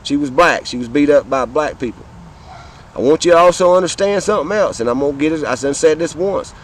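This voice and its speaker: With a slightly high, animated voice and a Southern American accent, a man from the Southern United States briskly delivers a fiery political rant to camera. He swears, speaks directly to viewers, and repeats himself for emphasis. The audio is poor, with slight background noise.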